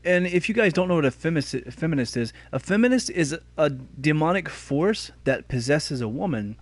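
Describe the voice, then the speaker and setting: A man on a casual podcast who talks in a laid-back way and jokes with a deadpan delivery. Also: fairly high pitch, no echo. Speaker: podcast guest, YouTuber.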